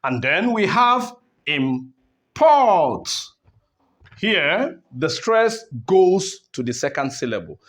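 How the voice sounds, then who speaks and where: A man's voice: sits high, very animated, a little slow, hardly any pauses, a bit bright. A man teaching word stress, asking rhetorical questions and repeating words to contrast the stress. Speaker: English teacher. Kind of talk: classroom lesson on word stress.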